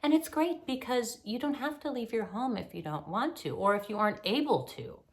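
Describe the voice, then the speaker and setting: A woman's voice: on the high side, animated, a little fast. Earnest middle-aged woman therapist. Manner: earnest, explanatory, frequent ums. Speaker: mental health therapist, guest. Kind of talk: casual conversation.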